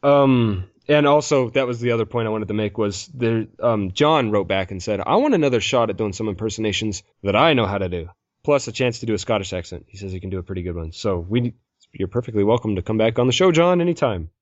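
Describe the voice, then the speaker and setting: A man's voice: lowish voice, expressive, quick pace, no echo. A man hosting a casual podcast, rambling and laughing as he reads listener mail. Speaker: podcast host. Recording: dull lo-fi podcast mic.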